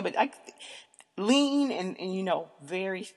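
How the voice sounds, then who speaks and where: A woman hosting a podcast, telling a candid story in an animated, emphatic way, swearing freely and calling out to her listeners. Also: medium pitch, takes it slowly, in a large hall. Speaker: podcast host.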